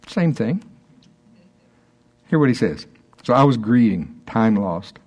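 Minister in his sixties, casual teaching to a small group; halting delivery with frequent restarts. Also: mid-range voice, sing-song, a little mellow, breathy edge. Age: 60s. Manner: halting, stops and restarts often, chuckles between thoughts. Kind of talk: informal teaching talk.

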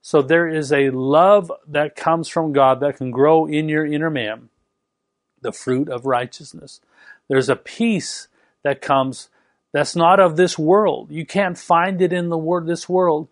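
Give me a man preaching fast and emphatically, with a dry, close sound. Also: on the high side, fairly even intonation, no echo. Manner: fast, emphatic, repeats and restarts words. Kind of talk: sermon.

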